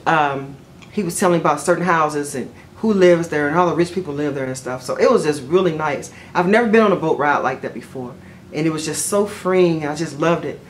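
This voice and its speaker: A woman vlogger telling a personal story in a chatty, rambling way, full of fillers and self-corrections, jumping up in pitch whenever she quotes herself. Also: slight background noise. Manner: jumps high in pitch when quoting herself. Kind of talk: casual storytelling to camera.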